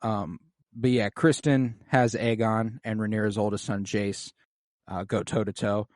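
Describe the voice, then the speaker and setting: A man co-hosting a podcast, retelling scenes with animated, acted-out lines. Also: on the low side, measured pace, dry recording, clean studio sound. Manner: animated, acts out characters' lines. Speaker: podcast co-host. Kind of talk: casual episode breakdown.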